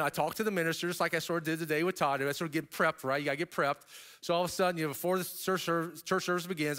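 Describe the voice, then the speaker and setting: A man's voice: on the high side, a bit bright. A middle-aged man giving a storytelling keynote speech, acting out the voices of people in his stories. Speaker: keynote speaker.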